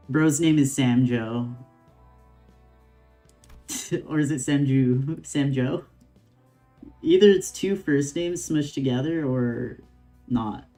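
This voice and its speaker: A man's voice: mid-range voice, slow, pauses often, mellow, soft background music. A man streaming a game, reading its dialogue aloud and adding laid-back, slangy commentary between the lines.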